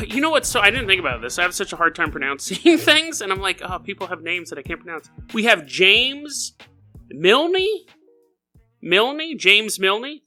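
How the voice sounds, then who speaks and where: A man hosts a comedy podcast and spins goofy stories, laughing as he goes. His voice is high and very bright. His pitch swoops around with a lot of energy. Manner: goofy and animated, laughing as he talks. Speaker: podcast host. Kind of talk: comedic storytelling monologue.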